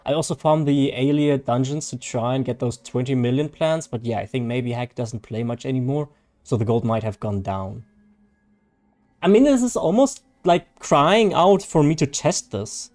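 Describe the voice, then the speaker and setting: A man's voice: medium pitch, expressive, moderate pace, darkish tone. Chatty, laughing male game streamer. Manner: chatty, laughs often, loose and joking. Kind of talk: casual live-stream chat, reading chat.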